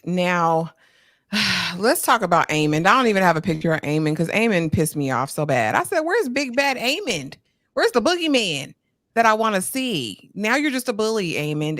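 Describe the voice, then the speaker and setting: A woman's voice: lowish voice, a bit bright, dry recording, clean studio sound. A woman hosting a casual live-stream chat, retelling scenes dramatically and putting questions to her guests. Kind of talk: casual show recap chat.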